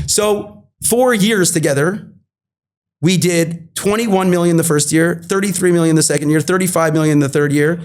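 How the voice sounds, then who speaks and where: A man's voice: on the high side, moderate pace, a little mellow. A man in his thirties telling a story as a guest in an interview. He acts out past conversations and repeats phrases for emphasis.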